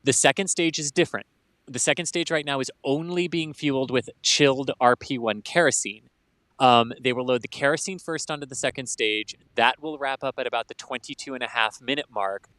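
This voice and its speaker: A man's voice: mid-range voice, steady tone, fairly quick, a bit bright, clean tone, no echo. A man giving methodical, explanatory technical commentary on a rocket launch.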